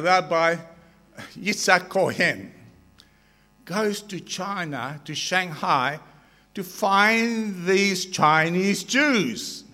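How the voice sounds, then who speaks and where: A man telling jokes to a crowd at a slow, drawn-out pace, laughing at his own punchlines. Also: high voice, sharp tone, big-room sound. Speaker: joke teller. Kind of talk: stand-up joke telling to a crowd.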